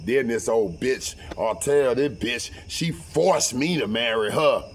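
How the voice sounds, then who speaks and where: Profane, animated man telling a story. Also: mid-range voice, slow, few pauses. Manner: profane, animated, acts out quotes loudly; repeats and restarts words. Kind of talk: casual storytelling.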